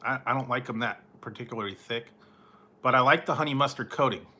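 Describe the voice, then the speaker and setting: A food reviewer chats casually late at night, rambling, trailing off, and chuckling often. He talks fast in a medium-pitched voice with a bright, forceful tone.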